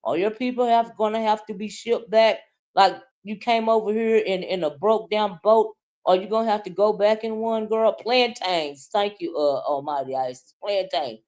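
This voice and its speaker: A woman hosting a casual livestream. She teases loudly, sometimes sinking into low, quiet mutters and then bursting up into shouts. She talks straight to her viewers. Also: moderate pace. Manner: loud, teasing, swings from low mutters to shouting. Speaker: livestream commentary host.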